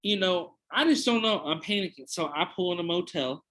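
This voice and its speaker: Fairly high-voiced young man telling a wild story. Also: lively intonation, brisk, fairly bright tone, low-quality recording. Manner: profane, rambling anecdote with many restarts. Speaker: podcast host. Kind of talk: casual storytelling.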